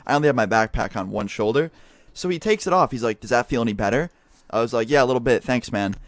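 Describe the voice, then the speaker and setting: Fast-talking young man telling a story. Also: medium pitch. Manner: animated, profane, heavy swearing. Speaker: YouTuber. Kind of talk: casual storytelling over gameplay. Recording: game sounds and gunfire behind voice. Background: gunfire and clicks from a game.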